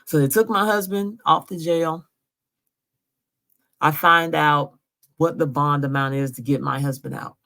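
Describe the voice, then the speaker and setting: A woman's voice: low-pitched, fairly even intonation, a little slow, vocal fry, pauses often, fairly bright tone. A woman from Georgia telling her story straight to camera, insistent and emotional, often checking in with her viewers. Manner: insistent, keeps asking "right?". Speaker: vlogger. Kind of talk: emotional direct-to-camera vlog.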